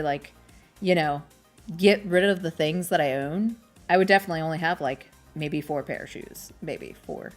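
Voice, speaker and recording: A woman's voice: low-pitched, brisk, soft background music. A young adult woman who is a streamer, chatting casually and rambling while she crochets, often poking fun at herself. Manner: rambling, chatty, self-deprecating.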